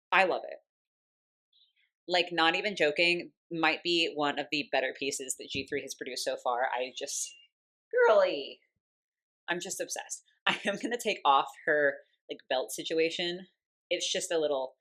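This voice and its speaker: A woman's voice: sits low, a bit bright. A young woman chatting casually through a doll unboxing review at home, gushing with lots of "like"s and breaking off to coo at her cat.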